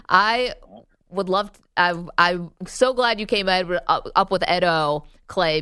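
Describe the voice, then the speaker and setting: A woman co-hosting a sports radio show, chatting casually and bantering with quick laughs. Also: fairly low pitch, a bit bright, clean tone, dry recording, clean studio sound. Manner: laughs often, quick back-and-forth banter. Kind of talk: casual sports talk chat.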